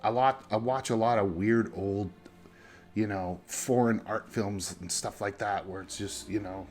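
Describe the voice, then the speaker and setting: A man's voice: on the low side, steady tone, measured pace, darkish tone. A man reviewing films casually, talking conversationally and checking in with the listener through frequent "right?" and "you know" tags. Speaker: movie reviewer.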